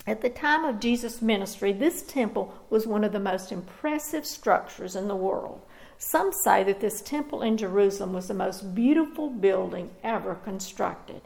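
A woman pastor reading scripture and preaching a sermon in a measured, earnest way with deliberate pauses. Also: mid-range voice, lively intonation, vocal fry, darkish tone, poor audio.

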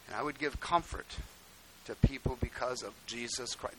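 An older male pastor giving a sermon, telling stories in a folksy way, dropping to quiet asides and then rising to loud exclamations. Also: normal speed, rough recording. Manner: folksy storytelling preaching, swinging from low asides to loud exclamations. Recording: faint hiss.

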